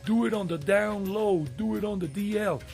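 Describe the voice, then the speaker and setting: A brash male New York street guy, put on by a man, talks in a loud, raised, New York-accented bark. He is impatient and bossy, firing off orders like he has said them a hundred times. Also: sits high, normal speed, gravelly, faint music behind, voice pushed up.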